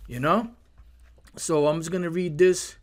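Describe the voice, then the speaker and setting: Angry and fiery, a man comments on scripture while swearing hard and stumbling over repeated words as he hammers each point home. His voice is fairly high and steady in tone, moving a little slowly.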